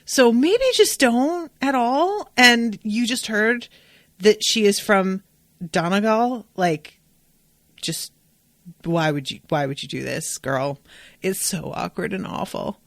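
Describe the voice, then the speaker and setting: A woman hosting a podcast, recapping an episode in a casual, animated, profane and digressive way. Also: mid-range voice, slow, dry recording. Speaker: podcast host.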